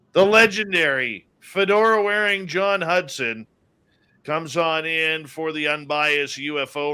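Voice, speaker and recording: A man's voice: a little high, bright, forceful tone, clean tone. A man hosting a radio talk show, chatting casually and reading out the live chat, sounding tired and yawning.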